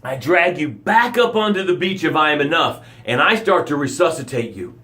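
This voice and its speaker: A man hosting a motivational live broadcast, speaking directly to his listeners in short punchy phrases and swinging from loud emphasis to hushed low lines. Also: expressive, normal speed. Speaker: motivational coach and show host.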